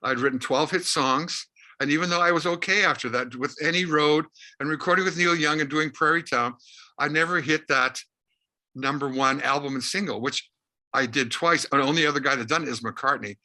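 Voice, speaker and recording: An older man from Canada, a rock musician interviewed as a guest, telling a long anecdote in a lively way and acting out the dialogue. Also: fairly high pitch, brisk. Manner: lively anecdotal storyteller, acts out quoted dialogue. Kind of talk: animated storytelling.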